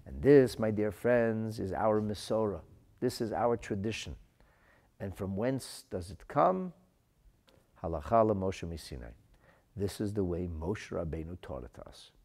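A man teaching a Talmud lesson, asking rhetorical questions, reading Aramaic phrases and translating them, moving from quiet asides to loud emphasis. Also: fairly low pitch, animated, a little slow.

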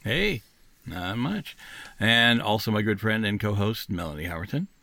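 A man's voice: lowish voice, animated, normal speed, vocal fry, pushed and bright. A man hosting a movie podcast, chatting casually, laughing and rambling with lots of apologies. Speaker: podcast host. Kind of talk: casual chat.

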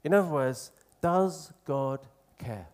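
A man preaching a sermon in an earnest, conversational way, slowing down to stress key phrases. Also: on the high side, expressive, darkish tone.

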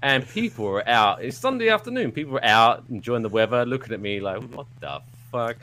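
A man hosting a live podcast, telling a rambling story in a playful, animated way, throwing in silly sound effects. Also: medium pitch, fairly quick. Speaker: podcast host. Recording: live show with audience.

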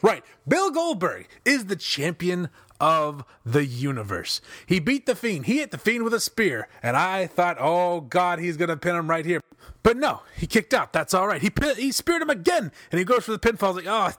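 Man ranting, high and lively. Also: normal speed, no echo, studio quality. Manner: exasperated, animated ranting with profanity and restarts. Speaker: wrestling podcast commentator. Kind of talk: ranting commentary.

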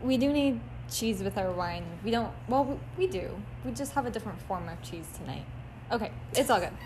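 A woman's voice: medium pitch, animated, fairly quick, noisy background. A woman co-hosting a podcast in casual chat, playful and self-mocking, laughing often. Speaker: podcast co-host.

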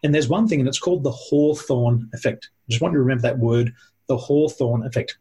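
A man with a very husky, breathy voice talks in a conversational, teacherly way. He stresses his points and runs through them as lists. His pitch sits in the middle. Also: a little fast, warm tone. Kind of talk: conversational explaining.

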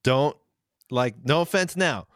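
A man's voice: medium pitch, slow pace, a bit bright, no room sound, clean studio sound. A young man casually telling a rambling road story, full of fillers and laughing as he goes.

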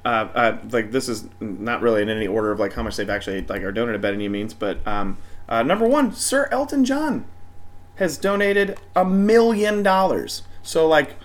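Lively, jokey male podcast co-host. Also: mid-range voice. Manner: jokey, quick quips, laughs easily. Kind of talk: casual chat. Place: home studio.

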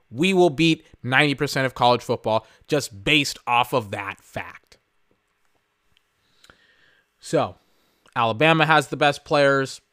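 A man's voice: mid-range voice, a bit bright, clean tone. A young man from Texas, ranting casually about football as a podcast host. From Austin, Texas. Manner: opinionated, ranting, profane. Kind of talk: casual sports commentary.

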